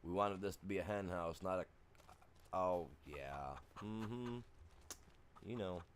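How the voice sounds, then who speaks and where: Really deep voiced guy streaming a farm game, rambly chatty, keeps saying you know. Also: slow, background noise. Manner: rambling, talks to chat, lots of "you know". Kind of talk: casual gaming livestream chat.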